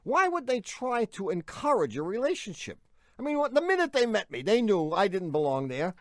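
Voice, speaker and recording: A man co-hosting a radio car show, reading aloud and breaking into wheezy, high cackling laughter. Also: wildly swooping pitch, moderate pace, a bit bright, dry recording. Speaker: radio co-host. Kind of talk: radio call-in show banter.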